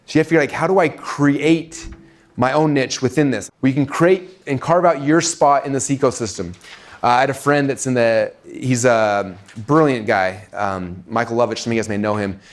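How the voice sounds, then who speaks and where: A man with an American accent giving a live seminar talk to an audience in a fast, casual way, full of "like" and "right?". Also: mid-range voice. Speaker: speaker teaching marketing to an audience.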